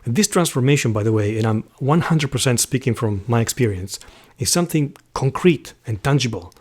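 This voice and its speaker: Male host, mid-range voice, earnest reflective talk and slow, heartfelt verse reading. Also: mid-range voice, lively intonation, breathy edge. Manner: earnest, heartfelt, reads verse slowly with soft whispered passages. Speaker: host of a Catholic channel.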